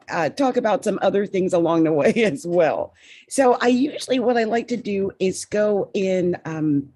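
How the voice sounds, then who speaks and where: A woman's voice: mid-range voice, warm tone. A woman hosting a podcast interview, chatting casually with guests and stumbling a little over names. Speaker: podcast host.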